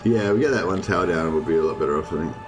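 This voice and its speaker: An Australian man with a deep voice talks very fast while streaming a co-op strategy game. He chats casually and thinks aloud with lots of ums, and game music plays in the background.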